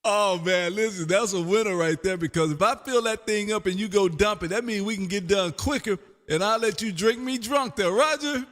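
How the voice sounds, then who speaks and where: A man hosting a casual ham radio chat, loud and folksy, calling everyone man. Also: high voice, normal speed, hardly any pauses, long reverb tail. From Texas.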